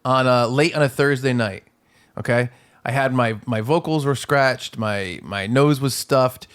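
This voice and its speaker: A man co-hosting a comedy podcast, telling a rambling story in casual banter, laughing often and a little hoarse from recent illness. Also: mid-range voice, measured pace, a bit bright. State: recovering from illness, slightly hoarse. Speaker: podcast co-host.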